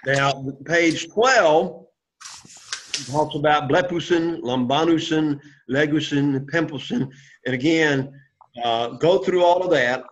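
A man leads a Greek lesson in a classroom, patient and repetitive. His voice sits a little high. The recording is muffled and lo-fi. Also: a bit bright. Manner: patient, repetitive explaining with frequent "okay?" check-ins. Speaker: Greek teacher.

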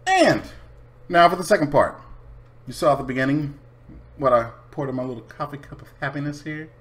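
A man's voice: a little high, fast, a bit bright. A man talking casually to camera, blunt, profane and unapologetic. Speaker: vlogger.

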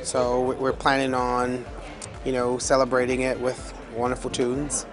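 A man's voice: mid-range voice, monotone, measured pace. An American man, a talent show judge, answering in a casual interview with a lot of ums and restarts. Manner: hesitant, lots of ums and restarts. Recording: music behind.

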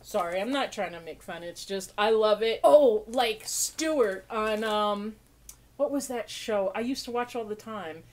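A woman's voice: mid-range voice, measured pace, darkish tone. A woman hosting a casual podcast, chatting as she opens mail, gushing, laughing often and joking sarcastically about herself. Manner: self-mocking and sarcastic. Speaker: podcast host. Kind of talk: casual unboxing chat.

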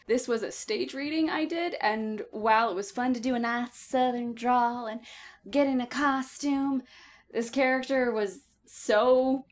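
An upbeat woman voice actor talks through her roles in a bubbly, casual vlog. Her voice sits on the higher side, and she gushes with playful excitement. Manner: exuberant, gushing, playful. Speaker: voice actor and video host.

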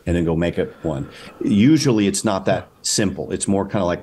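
A man's voice: sits low, lively intonation, moderate pace, darkish tone, breathy edge. A male documentary filmmaker talking casually as an interview guest, thinking aloud with many fillers and restarts. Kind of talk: casual conversation.

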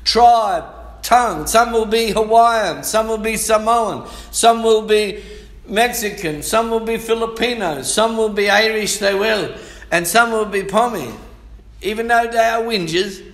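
High-voiced preacher in echoey church. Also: male voice, unhurried. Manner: lively preaching, calls for amens, reads scripture aloud. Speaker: pastor. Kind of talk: sermon. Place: church hall.

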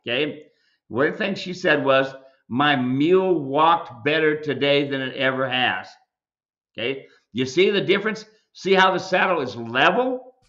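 Emphatic, folksy male host lecturing on air, with a slightly high, forceful voice and dull, lo-fi audio. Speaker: mule ranch owner and show host. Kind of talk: live video Q&A commentary.

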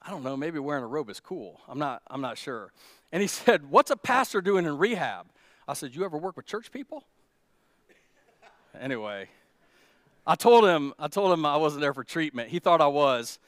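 A man's voice: a little high, lively intonation, moderate pace, fairly bright tone, no echo, clean studio sound. A male pastor, preaching a conversational sermon in a storytelling way, with restarts and fillers, building to emphatic peaks. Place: church.

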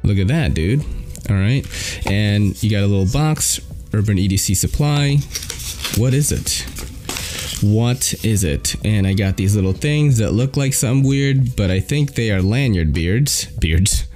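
A man's voice: fairly low pitch, expressive, a little slow, a little mellow, soft background music. A man hosting his own unboxing vlog, chatting to viewers in a hyped, slangy way. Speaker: host of a knife unboxing channel. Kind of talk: casual unboxing vlog chat.

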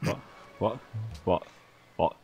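A man teasing his friend while they play a game, excitable and sweary. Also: takes it slowly, faint music behind. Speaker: gamer playing with a friend. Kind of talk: casual gaming banter.

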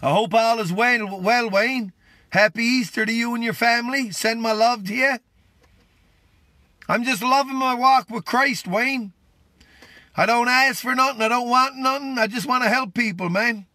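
A man, tired and worn out, preaching on a live stream in an excitable, fervent, exclamatory way. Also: extremely high pitch, normal speed, dry recording. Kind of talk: impromptu livestream preaching and greetings.

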